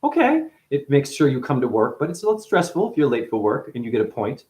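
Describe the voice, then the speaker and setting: A man in chronic pain delivering a rambling, free-associating spiritual monologue, swearing often and swinging between loud outbursts and low mutters. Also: wildly swooping pitch, fast. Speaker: spiritual talker.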